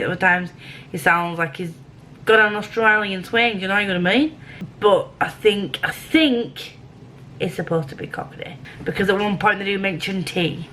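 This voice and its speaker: A woman's voice: medium pitch, a bit bright, slight background noise, rough recording. A young woman vlogging, chatting casually and rambling with restarts and asides. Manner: chatty, rambling, self-interrupting. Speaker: book vlogger. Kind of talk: casual chat to camera.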